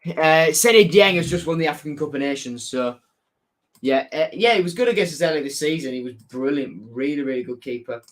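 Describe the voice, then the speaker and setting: Young man, Hull accent, slightly high voice, casual live-stream chatter, reads chat aloud. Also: lively intonation, a little fast. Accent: Hull, Yorkshire. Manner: chatty, reads out chat messages, self-correcting. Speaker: football fan channel host.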